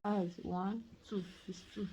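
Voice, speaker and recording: A woman speaks in a casual, soft vlog voice at a middling pitch with a mellow, dark tone. She keeps soothing and repeating gentle reassurances. The recording comes from a hospital room with clear background noise. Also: steady tone, slow, low-quality recording. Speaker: vlogger, mother of a patient.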